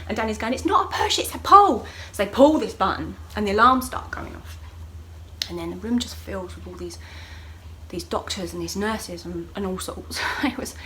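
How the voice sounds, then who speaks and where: Woman telling a story, animated. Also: normal speed, slight background noise, rough recording. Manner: animated, acts out voices of others with sharp jumps in pitch and loudness. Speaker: vlogger. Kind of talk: casual storytelling to camera.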